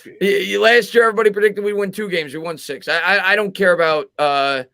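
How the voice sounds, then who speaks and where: Bright, emphatic sports-talk man. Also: high voice, no echo. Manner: fast, emphatic, repeats words when arguing. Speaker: sports podcast host. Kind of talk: live sports chat reading viewer comments.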